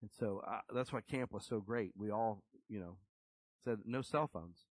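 A man's voice: lowish voice, a little slow, no room sound, rough recording. A middle-aged man preaching a sermon in a conversational, emphatic storytelling way.

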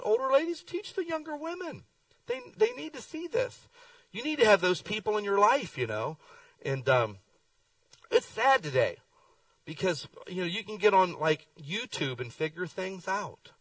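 A middle-aged man preaching a sermon, telling folksy stories with lively swings in his voice. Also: high-pitched, moderate pace, no room sound, far from the mic, rough recording. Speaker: pastor. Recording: dry sound, speaker away from the mic.

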